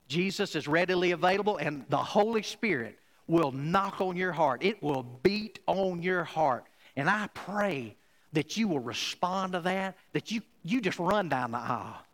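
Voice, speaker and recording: High-voiced pastor preaching, bright tone, big loud-soft swings. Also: male voice, very animated, a little slow, low-quality recording. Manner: emphatic preaching with wide swings from loud to quiet. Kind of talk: sermon.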